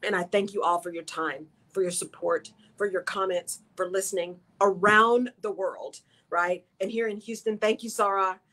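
A woman's voice: medium pitch, steady tone, moderate pace, few pauses, fairly bright tone. A middle-aged woman hosts a radio show, giving an earnest, encouraging motivational talk straight to her listeners.

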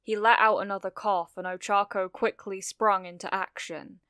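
A woman reading fan fiction aloud, narrating a story with steady, expressive delivery. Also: mid-range voice, normal speed, smooth, no echo, clean studio sound.

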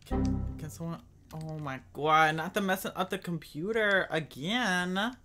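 A man's voice: on the high side, a little slow, bright, forceful tone, soft background music. A man giving casual, dramatic gaming commentary, chatting to his viewers as y'all and breaking into screams when scared. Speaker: gaming streamer.

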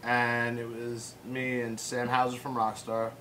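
Bright-voiced American man, casual host. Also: medium pitch, completely flat delivery, a little slow, slight background noise. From United States. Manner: rambling anecdotes, many fillers. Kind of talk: casual chat. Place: home room with pets.

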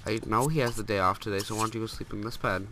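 A bright, sharp-toned young man with a stuffed-up, sniffly nose, chatting through a game in a loose, rambling way. He keeps scolding the characters on screen. A faint hiss of noise sits under his voice. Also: on the low side, steady tone, quick pace. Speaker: gameplay commentator. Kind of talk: casual let's play commentary.

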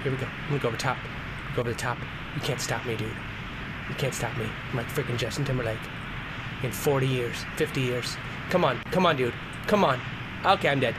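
A man's voice: medium pitch, heavy background noise. A man giving comedic let's-play commentary, goofy, flipping into silly character voices and muttering under his breath as he plays. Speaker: gameplay commentator.

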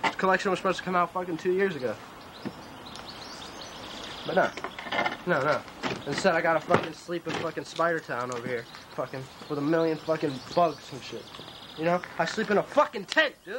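A man's voice: sits high, a little fast. A clothing designer in a comic mock-documentary, delivering a rambling, profane rant outdoors by his tent, calling everyone "man" and "bro". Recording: noisy outdoor recording.

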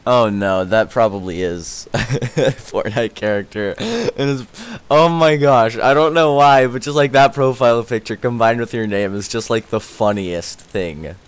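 An excitable young man talks through a live game stream, chatting with viewers and laughing often. His mid-range voice sounds tired and worn out, and he jumps to yelps and shouts when something startles him. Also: mid-range voice, a little slow, clean tone. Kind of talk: casual live-stream chat.

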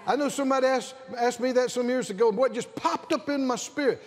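An older man with a Southern accent preaching a sermon to a convention congregation, calling for responses and rising to shouts. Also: very high voice, brisk, hardly any pauses. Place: large convention hall with congregation.

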